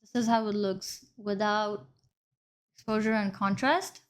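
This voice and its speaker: Narrating a screen-recorded editing lesson, a woman instructor explains each step in turn and corrects her own mistakes. She speaks in a steady, middle-pitched voice without hurrying.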